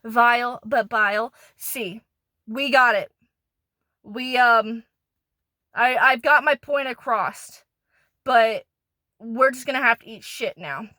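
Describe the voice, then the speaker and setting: A woman's voice: fairly high pitch, takes it slowly, long pauses, sharp tone, no echo, clean studio sound. A woman in a profane, rambling, angry rant done as an ASMR monologue, pissed off and disgusted, often stumbling and restarting. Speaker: ASMR creator.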